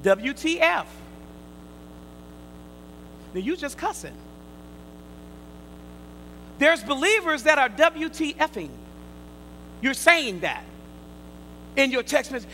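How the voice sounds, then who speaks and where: A man preaching a sermon, quizzing his listeners in call and response, swinging from loud emphatic bursts to quiet asides. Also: extremely high pitch, very animated, slow, long pauses, a little hiss or hum, rough recording.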